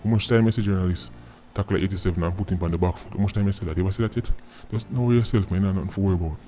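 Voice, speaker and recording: A man's voice: deep voice, very fast, mellow, slight background noise. A man with a Jamaican accent giving casual, mocking commentary in patois, often tagging his lines with "right?". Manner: mocking, repeating tag words like "right?".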